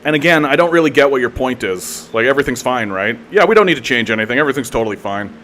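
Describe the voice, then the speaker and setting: A man's voice: mid-range voice, expressive, fast, a bit bright, a little hiss or hum. A Canadian man ranting heatedly on a live political stream, swearing a lot, mocking and repeating himself. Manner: profane, heated, mocking, lots of filler and repeats.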